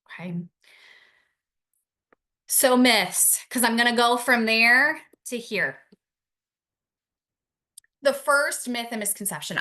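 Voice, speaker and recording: A woman's voice: fairly high pitch, lively intonation, slow pace, pauses often, bright, forceful tone. A young adult woman giving an earnest, reassuring talk to parents, repeating her key phrases. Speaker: family support speaker for parents.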